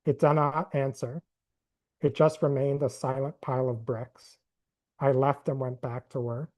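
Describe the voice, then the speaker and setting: A woman author giving a live reading of her own short fiction, with a deliberate, measured delivery. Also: rumbling low, little pitch movement, a little mellow.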